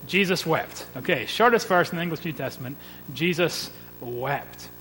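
A male pastor preaching a sermon in an earnest, measured way, building points with repeated refrains. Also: a little high, animated, pushed and bright. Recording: long reverb with faint hum.

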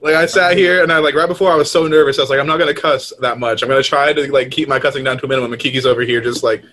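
A man's voice: mid-range voice, fairly even intonation, pushed and bright, slight background noise. Rambling male podcast guest. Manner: rambling, quick, peppered with "like". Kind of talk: casual chat.

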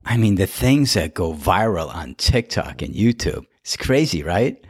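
A man's voice: sits low, husky, no room sound. A man hosting a podcast, casually telling anecdotes and laughing often as he goes. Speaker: podcast host. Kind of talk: casual storytelling monologue.

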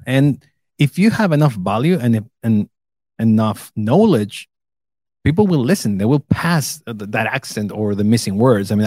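A man in his thirties, an English speaker, chatting casually as co-host, relaxed and laughing often. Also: medium pitch, no room sound. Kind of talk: casual chat.

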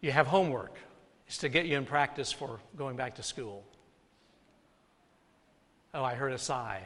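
Male pastor, sermon, soft drops then loud rises, bright tense voice, long reverb of a church hall. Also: mid-range voice, moderate pace.

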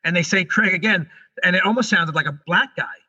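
A middle-aged man, a guest on an interview show, telling a story in a rushed, animated way and often restarting his sentences. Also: sits high, husky. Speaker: guest, comedian and paranormal investigator. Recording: dull lo-fi recording.

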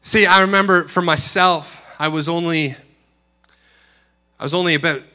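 A man preaching a sermon, telling a personal story earnestly, dropping to a hush and rising again. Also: a little high, moderate pace. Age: adult. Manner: earnest storytelling, swings from hushed to loud. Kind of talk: sermon testimony.

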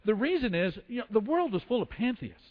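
A man's voice: high voice, big pitch swings, quick pace. A man preaching a sermon, telling the story with acted quotes and frequent restarts. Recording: dull lo-fi sound in a long-reverb hall.

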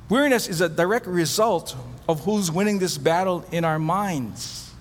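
A man's voice: high-pitched, normal speed, hardly any pauses, big-room sound. A middle-aged man preaching a sermon as pastor, telling stories with animation and acting out the voices of the people he quotes.

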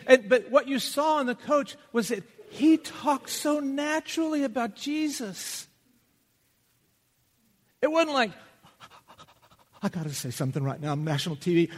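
The long reverb of a big hall surrounds a Texas pastor giving a sermon in a very high-pitched voice. He moves at a measured pace with long pauses, telling stories in a conversational, animated way and acting out the quoted lines.

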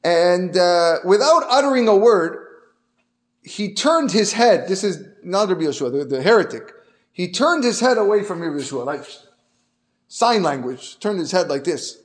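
A man teaching a Torah lesson as a lively story, mixing in Hebrew terms and restarting phrases as he goes. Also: sits high, moderate pace.

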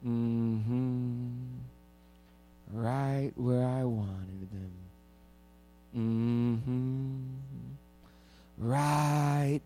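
A man voicing a sly, patient devil who gloats in a slow, low murmur. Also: mellow, soft background music. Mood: gloating.

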